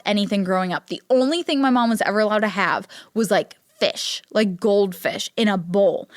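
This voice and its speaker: Young woman podcaster from Ohio, casual and chatty, "like"-heavy, mid-pitched voice, close dry mic. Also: dry recording. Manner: chatty and animated, heavy use of "like", acts out quotes in a higher voice. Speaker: podcast host. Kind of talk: casual solo podcast chat.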